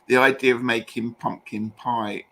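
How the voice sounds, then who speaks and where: A man's voice: mid-range voice, little pitch movement, normal speed, sharp tone, low-quality recording. A British man from the UK hosting a live tarot stream, chatty and self-deprecating in casual conversation. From United Kingdom. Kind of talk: casual chat.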